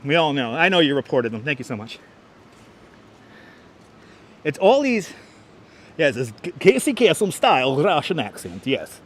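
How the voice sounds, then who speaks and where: A man's voice: fairly high pitch, very animated, moderate pace, long pauses. A man hosting a live walking stream, chatting casually in a rambling way and often repeating himself, on a wireless clip-on mic outdoors. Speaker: livestream host. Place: outdoors on a city street.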